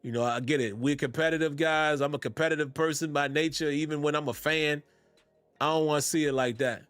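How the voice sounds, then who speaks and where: A man's voice: fairly high pitch, steady tone, brisk, a bit bright, no room sound, faint music behind. A man hosting a sports fan podcast, talking casually with easygoing slang and frequent laughs. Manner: laid-back Southern-tinged slang, laughs often. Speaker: podcast host.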